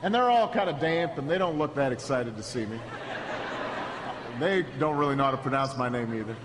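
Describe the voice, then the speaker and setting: A man giving a storytelling speech at a podium, halting and repeating words as he restarts, and rising to a rousing, shouted close. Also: medium pitch. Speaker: political speaker. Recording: echoey hall with steady background noise.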